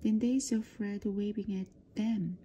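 A woman reads a children's picture book aloud in a soft, frequently whispered voice. Her tone is dark and mellow, and she moves slowly through the lines. A faint hiss runs under the recording. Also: medium pitch, fairly even intonation. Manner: soft, often whispered reading. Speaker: reader. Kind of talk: storybook read-aloud practice.

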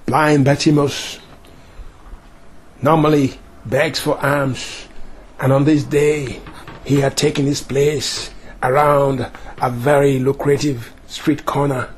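A man's voice: mid-range voice, flat delivery, slow, husky. A male preacher giving an emphatic sermon with dramatic storytelling.

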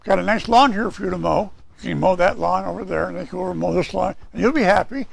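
A man's voice: sits high, fast, creaky. A male pastor preaching a sermon, emphatic and repeating his key phrases.

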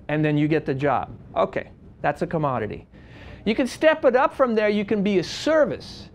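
A wedding photographer teaching a seminar, telling stories in an animated, conversational way with frequent restarts and big swings from quiet to loud. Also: male voice, sits high, moderate pace, slight background noise. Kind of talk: lively storytelling lecture.

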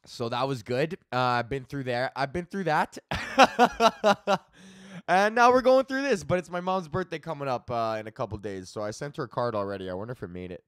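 A thirty-year-old man talks through his own comedy podcast in a loose, rambling way, swearing freely and laughing at his own jokes. His voice sits at an ordinary middle pitch. The sound is dry and close, with no room echo. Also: fast talker, few pauses, clean tone. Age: 30s. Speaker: podcast host. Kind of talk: casual solo comedy podcast rant.

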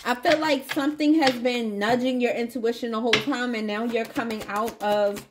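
A woman's voice: fairly high pitch, fairly even intonation, moderate pace, background noise. Chatty woman doing a tarot reading. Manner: chatty, playful, addresses viewers as baby and y'all. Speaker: tarot reader. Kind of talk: casual tarot reading to viewers.

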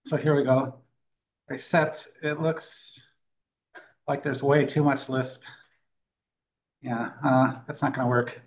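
A man's voice: mid-range voice, steady tone, low-quality recording. Casual, joking man giving a tech talk. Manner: casual, joking, halting with fillers. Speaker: conference speaker. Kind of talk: live tech talk with demo. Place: meetup room with audience.

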